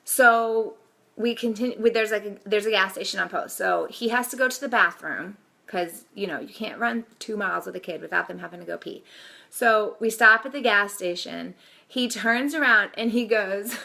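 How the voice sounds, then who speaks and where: Bright, gravelly woman telling a funny story. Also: mid-range voice, normal speed. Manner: laughs often while telling. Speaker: vlogger. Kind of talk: casual storytelling to camera.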